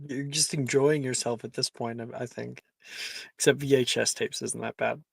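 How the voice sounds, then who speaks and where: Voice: medium pitch, fairly even intonation, normal speed, creaky, husky, no room sound. Chatty game master explaining rules. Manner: chatty, explains spell rules, laughs often. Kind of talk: running a tabletop game over a stream.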